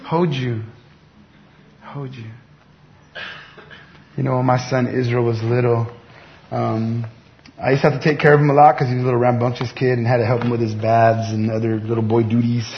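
A middle-aged man preaching a sermon as pastor, talking conversationally with bursts of excited emphasis. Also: mid-range voice, quick pace. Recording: dull lo-fi sound with faint background noise.

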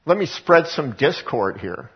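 A preacher playing an ambitious, scheming young prince who boasts in casual modern talk. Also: male voice, on the high side, big pitch swings, measured pace, slightly rough, highs cut off, exaggerated voice.

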